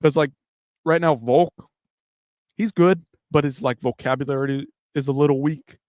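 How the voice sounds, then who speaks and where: A man's voice: on the high side, fairly even intonation, moderate pace, dry recording, dull audio. A man hosting a live stream late at night, talking casually and profanely in a loose, rambling way with many restarts. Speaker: livestream host.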